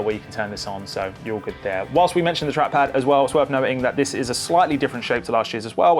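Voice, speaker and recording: A man giving a relaxed, conversational laptop overview as a tech reviewer, with frequent fillers. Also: mid-range voice. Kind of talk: casual product overview.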